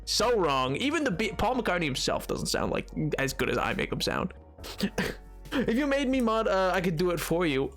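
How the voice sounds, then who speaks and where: A man's voice: sits high, sing-song, normal speed, fairly bright tone, soft background music. A man live-streaming a game, chatting playfully and joking with his viewers. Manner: playful and joking, talks to chat. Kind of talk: casual live-stream chat while gaming.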